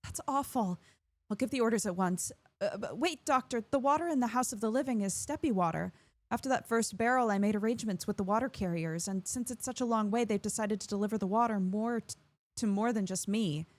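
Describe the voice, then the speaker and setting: A woman's voice: medium pitch, brisk, dry recording, pitched above the performer's own voice, natural voice. A woman reading a fretful young shelter keeper. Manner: fretful, apologetic. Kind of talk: reading game dialogue aloud.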